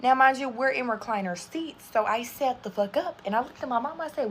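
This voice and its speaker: A woman telling a storytime to camera, swearing a lot, animated and calling her viewers y'all. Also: a little high, moderate pace, a little hiss or hum. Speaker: content creator. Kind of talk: storytime vlog.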